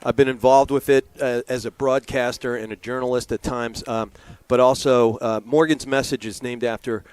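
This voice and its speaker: A man's voice: medium pitch, fairly even intonation, normal speed, a little mellow, smooth, dry recording. A man from Maryland doing color commentary at a lacrosse game, talking in a chatty, earnest way with lots of fillers and asides. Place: press booth at a lacrosse game.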